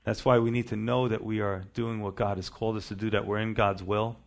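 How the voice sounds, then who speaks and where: A male pastor preaching a sermon, building to emphatic bursts and then dropping to quieter asides. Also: lowish voice, flat delivery, fairly quick, vocal fry.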